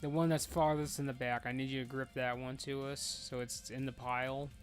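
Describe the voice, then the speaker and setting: A man's voice: medium pitch, flat delivery, brisk, faint music behind. A man streaming an online game as raid leader, casually chatting and giving blunt, profane instructions to his teammates. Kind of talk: casual live gaming chat.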